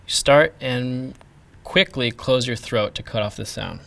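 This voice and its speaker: A man teaching a pronunciation lesson, speaking deliberately and demonstrating each sound with care. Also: medium pitch, creaky, fairly bright tone. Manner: slow, deliberate, modelling sounds. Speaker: language teacher.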